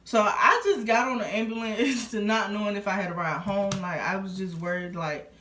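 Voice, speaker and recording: A woman's voice: mid-range voice, moderate pace, a bit bright. A young adult woman vlogging a casual storytime, rambling along with lots of fillers. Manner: rambling, filler-heavy, conversational. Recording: roomy echo.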